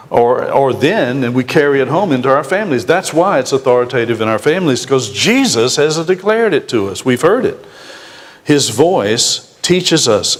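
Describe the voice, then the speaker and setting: A male pastor delivering a sermon in a church, earnest and repeating key phrases for emphasis. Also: mid-range voice. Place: church sanctuary. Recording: church sanctuary with long reverb.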